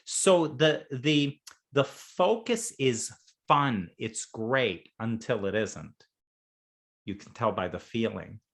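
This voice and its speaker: A male coach speaks slowly and without hurry, and his pitch swings widely from line to line. He is playful, laughs often and acts out small scenes as he talks. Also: animated. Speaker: coach and interview guest. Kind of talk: conversational coaching talk.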